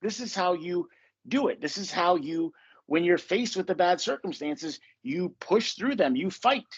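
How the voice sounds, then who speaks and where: A man with a high, husky voice hosts a podcast in a blunt, emphatic, freely profane style. The sound is dull and lo-fi, lacking crispness. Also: animated, unhurried. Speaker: podcast host and manifestation coach. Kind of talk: casual podcast talk.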